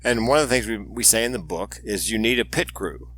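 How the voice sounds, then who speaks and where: A man's voice: fairly low pitch, brisk. A man in his sixties, a suicide prevention speaker, telling stories animatedly in an interview and putting on voices for the people in them. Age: 60s. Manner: animated joking storyteller, acts out voices in anecdotes. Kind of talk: storytelling interview chat.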